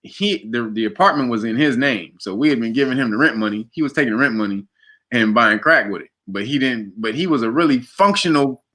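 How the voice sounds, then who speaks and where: A man telling a personal story in a casual interview, animated and laughing as he acts out quotes. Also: mid-range voice, a little fast. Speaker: guest.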